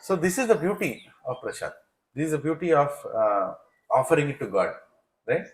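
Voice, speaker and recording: A man, a spiritual teacher telling a sermon story in an animated way, often checking in with the audience. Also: on the high side, moderate pace, roomy sound, slight background noise, poor audio. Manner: animated, asks the audience "right?". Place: devotional center hall.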